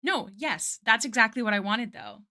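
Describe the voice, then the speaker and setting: Woman, live art streamer. Bright, chatty, casual, talks to chat while working. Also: a little high, lively intonation, moderate pace. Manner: chatty, answers chat, many "like" fillers.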